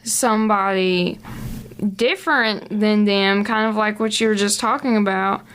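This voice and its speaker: A young woman with a slow Tennessee Southern drawl, chatting casually and laughing often on a student podcast. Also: medium pitch, a little hiss or hum. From small-town Tennessee. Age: young adult. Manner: slow drawling speech, giggly and animated. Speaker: college student podcast co-host.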